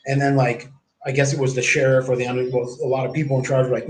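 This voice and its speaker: A man in his forties tells a long, rambling first-person story on a livestream, swearing often and acting out others' lines as quotes. His mid-range voice barely moves in pitch and runs at a quick pace, recorded in an echoey room with faint background noise.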